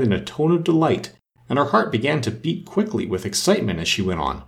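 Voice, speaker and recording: A man narrating a children's story aloud with an expressive reading. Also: fairly low pitch, fairly quick, gravelly.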